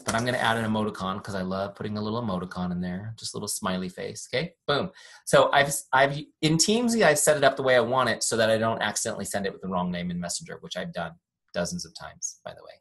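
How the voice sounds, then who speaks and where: Young male trainer, husky tone, upbeat, chatty, jokey, demoing software from a home-office mic. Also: on the low side, quick pace. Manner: upbeat, chatty, self-deprecating jokes. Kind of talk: live online training with screen demo. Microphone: desk microphone.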